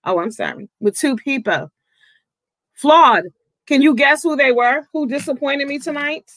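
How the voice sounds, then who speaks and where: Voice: sits high, animated, normal speed, sharp tone. A vlogger giving outspoken, casual commentary, swearing freely, with the voice jumping up when riled.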